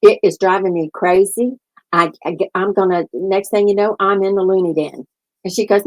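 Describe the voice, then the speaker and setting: An older woman hosts a casual chat, spinning family stories in a chatty way, laughing often and acting out her relatives' lines. Her voice is mid-range and her pace moderate, though the audio quality is poor.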